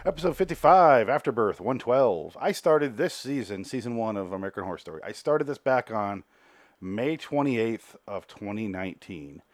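A man hosts a casual podcast, recapping a TV episode in a rambling, sarcastic style full of swearing and quick asides where he acts out characters' lines. His voice is on the low side and expressive, captured in a dry, clean studio recording.

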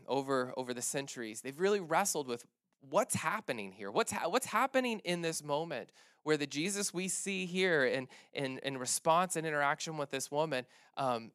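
Conversational male preacher, smooth and dry. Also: medium pitch, no echo. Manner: conversational, many restarts and fillers, animated retelling. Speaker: pastor. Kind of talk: sermon.

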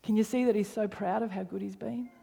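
A woman's voice: medium pitch, steady tone, fairly quick, gravelly, warm tone, slightly rough, in a large hall. A woman preaching a sermon, emphatic, repeating phrases for stress and sometimes dropping to a near whisper.

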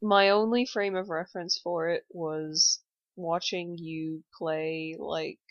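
A lower-pitched woman chats casually as a podcast co-host, blunt and deadpan, tossing in offhand asides and the odd curse. The sound is dull and lo-fi, dry and close. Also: slow, dry recording. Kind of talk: casual chat.

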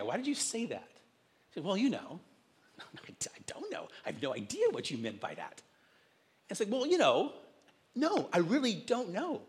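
A man in his sixties, a pastor, preaching a sermon with animated storytelling and self-mocking asides. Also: a little high.

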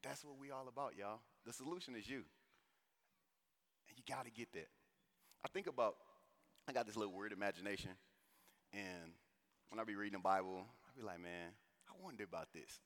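A man's voice: on the low side, a little fast, long pauses. Preacher man in a reverberant hall. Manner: animated, conversational preaching with slang. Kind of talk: sermon.

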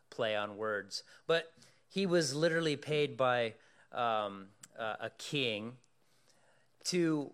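A medium-pitched male pastor preaching: he tells a story animatedly and quizzes the congregation along the way.

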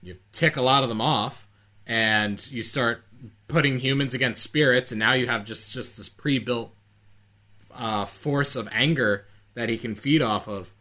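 A man's voice: mid-range voice, measured pace, pushed and bright. A man co-hosting a podcast, thinking aloud in a rambling way. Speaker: podcast co-host. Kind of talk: casual chat.

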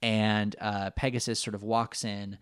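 Low-voiced man recapping casually. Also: flat delivery, unhurried, clear, resonant tone, no room sound, clean studio sound. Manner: rambling, laughing, many fillers. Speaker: podcast co-host.

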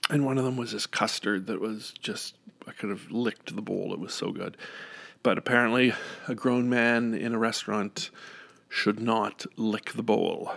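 A man's voice: on the low side, fairly even intonation, moderate pace, vocal fry, fairly bright tone. A man telling a casual, rambling story into a close microphone, often correcting himself and laughing. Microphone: studio microphone up close.

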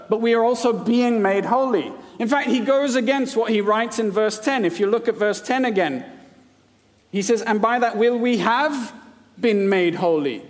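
High-voiced male preacher in a reverberant hall. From India. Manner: playful, jokey asides between scripture readings. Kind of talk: sermon.

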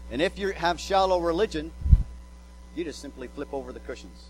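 A man's voice: on the high side, lively intonation, fairly quick, slight background noise, rough recording. A male pastor preaching a sermon, emphatic, repeating words as he drives points home and acting out quotes.

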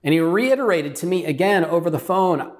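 A man's voice: fairly high pitch, expressive, a little fast. A middle-aged man, a pastor, telling a personal story in an earnest, conversational sermon style.

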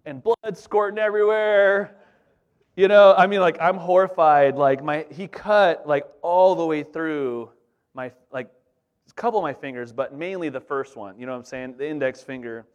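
A middle-aged man preaching as a pastor, telling a childhood story in a lively, conversational way full of asides to the congregation. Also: on the high side, normal speed, muffled recording. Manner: animated, conversational, repeats "you know what I'm saying". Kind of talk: storytelling sermon.

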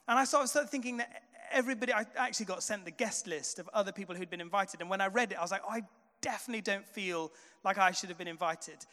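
A pastor preaching a sermon, chatty and relaxed, often sliding into "um" and "sort of". His voice sits high and comes through smooth and resonant. A long reverb from a big church hall trails behind him. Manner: conversational storytelling, frequent fillers.

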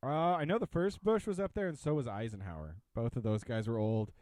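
A man's voice: mid-range voice, fairly quick, dry recording. A young man co-hosting a podcast, chatting casually with jokes and rambling asides. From Irish heritage. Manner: joking, rambling, animated asides. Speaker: podcast co-host. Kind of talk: casual chat.

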